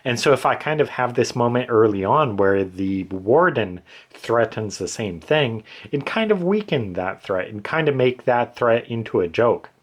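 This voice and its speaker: A man's voice: medium pitch, lively intonation, moderate pace, hardly any pauses. A man in casual talk, explaining changes he made to his writing, rambling with many fillers and restarts. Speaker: author explaining his edits.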